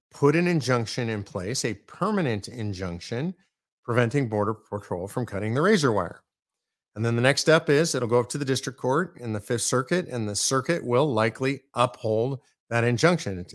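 A man's voice: mid-range voice, no echo, clean studio sound. A man hosting a political commentary show, talking emphatically and repeating his points straight to his listeners. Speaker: show host.

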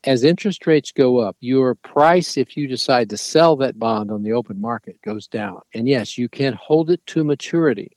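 A man hosts a financial talk show, walking listeners through market figures in a measured, explanatory manner. His voice sits at a middle pitch. The sound is dry and close. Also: a little mellow, no echo. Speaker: financial radio host. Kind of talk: market commentary.

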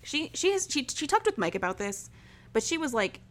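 Very animated and fairly quick, a young woman with a high, slightly bright voice retells a story as a podcast co-host. She chats casually with lots of filler words and performs the other people's lines.

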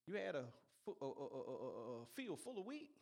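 A man's voice: on the high side, big pitch swings, a little fast, gravelly, darkish tone. A man preaching a sermon in an emphatic, repetitive way, urging his listeners on.

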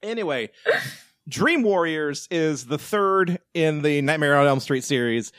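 A man co-hosts a casual podcast with an animated, joking delivery and the odd curse. His voice sits a bit high for a man, and the recording is dry and close, with no room sound. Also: a little slow, no echo. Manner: animated, profane, joking, breaks into shouted bits. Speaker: podcast co-host. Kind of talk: casual chat.

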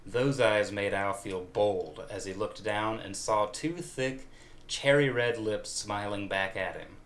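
A man giving a comedic reading of fan fiction aloud in a mock-dramatic, deadpan way. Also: lowish voice, slow, echoey room. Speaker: reader.

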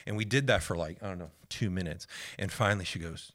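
A man with a deep, low voice tells a faith story in a relaxed conversational way. He is animated and sinks to a near whisper whenever he voices other people. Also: fast talker. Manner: animated, drops to a hush for quoted voices. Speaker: guest sharing a ministry story.

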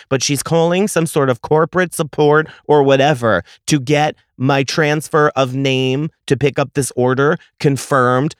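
A man's voice: medium pitch, clear, resonant tone, no echo. Profane ranting man, dry close sound. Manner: profane, exasperated ranting that swings between muttering and loud outbursts. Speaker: podcast host. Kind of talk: ranting storytelling.

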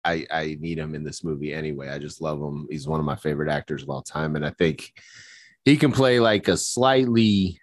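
A man co-hosting a casual movie podcast, animated, laughing often and restarting his sentences. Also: extremely low pitch, brisk, no room sound, studio quality. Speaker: podcast co-host. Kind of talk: casual chat about movies.

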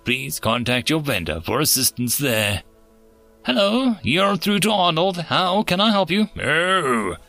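A man's voice: a little high, very animated, a little slow, gravelly, pushed and bright, faint music behind, voice pushed up, full character voice. A man voicing a chipper male human support-line operator who runs through upbeat call-centre patter. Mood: cheery, scripted.

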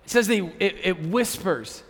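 A young man preaching a youth sermon, conversational and joking with his audience, dropping to a hush for emphasis. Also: sits high, sing-song, normal speed, slightly rough, in a large hall. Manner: jokey asides to a young audience.

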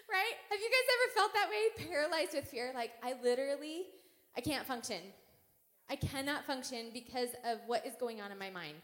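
A woman in her thirties preaches in a relaxed, chatty way, leaning on "right?" and "like" as she goes. Her slightly high voice rings out with a long reverb from the church hall around her. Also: normal speed. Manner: casual and animated, frequent "right?" and "like"; playful storytelling with comic exaggeration. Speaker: church speaker. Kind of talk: sermon. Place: church sanctuary.

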